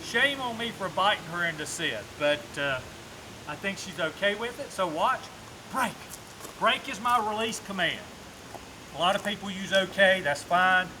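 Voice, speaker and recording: High-voiced man coaching a dog training lesson. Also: sharp tone, slight background noise, poor audio. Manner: explains step by step, often tagging on a checking "okay?"; switches to upbeat praise and commands while working the dog. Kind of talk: instructional training demonstration.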